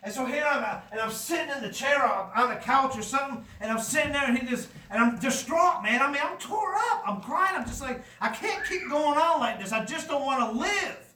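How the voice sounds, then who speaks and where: A man's voice: very high-pitched, bright, forceful tone, echoey room, recorded from a distance. A man preaching a fervent, emphatic sermon in a church, telling his own testimony with repeated phrases.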